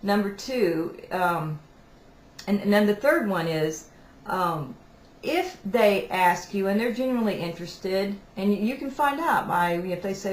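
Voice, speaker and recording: A woman's voice: medium pitch, expressive, unhurried. A woman hosting weekly spiritual messages, giving advice in a casual, conversational way and often restarting her sentences. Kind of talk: casual teaching talk to camera. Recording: echoey room, faint background noise.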